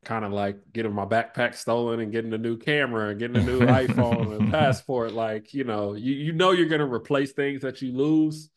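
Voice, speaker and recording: A man in his thirties, a former basketball player, talking reflectively in an interview, loose and relaxed, often trailing off softly. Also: mid-range voice, brisk, hardly any pauses. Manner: relaxed, lots of "like" and "you know", trails off softly.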